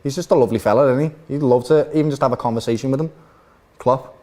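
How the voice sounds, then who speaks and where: A Scouse man talks football at a quick clip, mid-pitched and chatty. He teases the others and closes his points with tag questions. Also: a little mellow. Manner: fast, chatty, teasing, lots of tag questions. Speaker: Liverpool fan co-host. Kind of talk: casual match chat.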